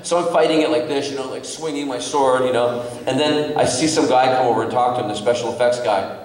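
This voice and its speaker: A man, an actor guest on a convention panel, telling an animated story to a crowd with lots of laughing and fillers. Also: medium pitch, quick pace. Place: convention hall panel room. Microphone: distant from the recording mic. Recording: echoey hall from far off.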